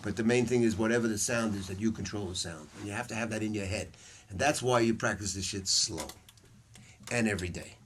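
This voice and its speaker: A man's voice: lowish voice, a little fast, a bit bright, a little hiss or hum. A man teaching a saxophone masterclass to students in a music store, telling stories bluntly and swearing freely. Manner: blunt, profane, storytelling.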